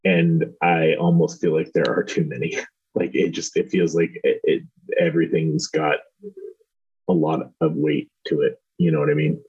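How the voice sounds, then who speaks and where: A man's voice: very deep voice, flat delivery, moderate pace, darkish tone, breathy edge, dull audio. A man from Southern Indiana co-hosting a podcast, reviewing a show in casual chat and hedging with many restarts. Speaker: podcast co-host.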